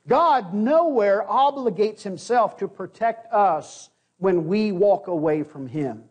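A man's voice: high-pitched, very animated, slow. A man preaching an expository sermon to his congregation, earnest and repeating key phrases for emphasis.

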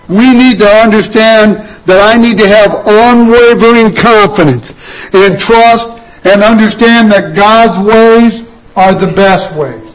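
A man's voice: high voice, low-quality recording. A man preaching a sermon, quoting scripture and driving points home with rhetorical questions and repetition.

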